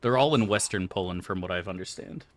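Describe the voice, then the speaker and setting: A man's voice: sits low, fast talker. A man streaming a game, chatting loosely with his viewers and swearing freely. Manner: loose and rambling, swears freely, answers chat aloud. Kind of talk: casual live-stream chat.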